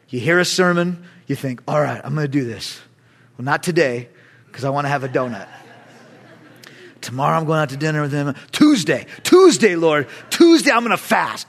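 A man preaching as a guest pastor, animated, acting out inner voices with big swings of pitch and loudness. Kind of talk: sermon.

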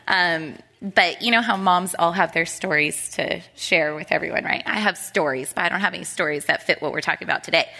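A woman's voice: mid-range voice, sharp tone. A woman in her thirties teaching a women's Bible study, chatty and storytelling, often laughing.

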